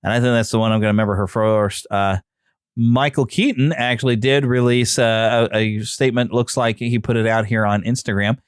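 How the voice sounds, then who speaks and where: A man of middle pitch hosts his podcast in a loose, chatty way, often pausing on fillers while he reads notes aloud. The sound is close and dry, with no room echo. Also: steady tone, smooth. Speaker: podcast host. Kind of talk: casual solo podcast talk.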